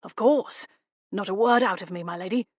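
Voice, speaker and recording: A woman voicing a fussy old gentleman ghost with an Oxford English accent, formal and nervously polite. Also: mid-range voice, normal speed, no echo, close to an everyday voice. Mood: prim.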